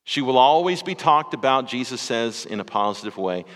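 A man's voice: mid-range voice, lively intonation, normal speed, a bit bright. A man preaching in a reverberant church. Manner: conversational preaching with small repeats and asides. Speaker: pastor. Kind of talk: sermon.

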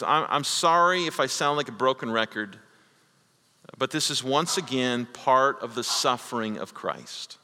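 A man preaching a sermon with a bright, forceful tone. His delivery swings from loud emphasis down to hushed, low lines, and he often stumbles and repeats words. His voice rings with a long reverb, as in a large hall. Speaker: pastor.

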